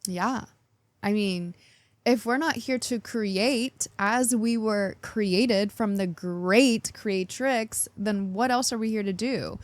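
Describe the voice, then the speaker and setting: A woman's voice: mid-range voice, slow pace, no room sound. A woman hosting a weekly astrology forecast in a bubbly, chatty way, often laughing. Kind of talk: casual spoken forecast.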